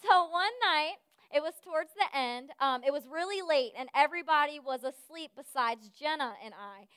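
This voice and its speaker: A woman giving a sermon, telling a lively personal story and acting out the voices of the people in it. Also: high-pitched, no room sound, clean studio sound. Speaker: speaker at a church service.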